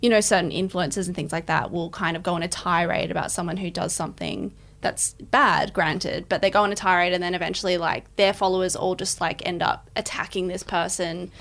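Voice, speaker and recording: A woman's voice: lowish voice, fairly even intonation, fairly quick, few pauses, fairly bright tone. A woman co-hosting a podcast, reflecting thoughtfully in casual chat.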